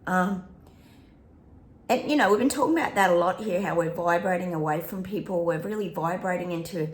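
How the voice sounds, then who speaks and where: A woman's voice: on the low side, roomy sound, slight background noise. A woman hosting a psychic prediction channel, chatting casually to viewers, breaking into bits of song and laughing often.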